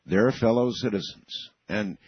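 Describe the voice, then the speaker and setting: A man with a low, slightly husky voice hosts a radio talk show, commenting wryly on recorded calls in a measured way. The sound is dry and close, a little dull, like a radio studio feed. He speaks without any echo.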